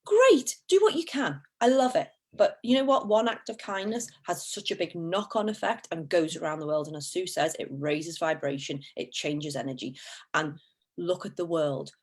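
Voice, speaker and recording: A woman's voice: lowish voice, animated, moderate pace, husky. A woman chats on a live stream about mental health. She is upbeat and encouraging. Now and then she swears casually. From Liverpool, England.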